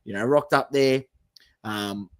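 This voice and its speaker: Excitable Australian man telling a story. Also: medium pitch, slow pace, clear, resonant tone, dry recording. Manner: rambling anecdotal storyteller, gets excitable. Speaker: sports podcast co-host. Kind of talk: casual sports chat.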